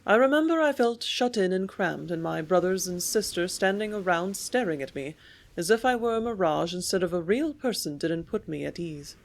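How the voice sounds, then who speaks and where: A woman reads an old first-person memoir aloud as an audiobook. Her delivery is steady storytelling, with the quoted lines read out with more life. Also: lowish voice, normal speed. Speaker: audiobook narrator.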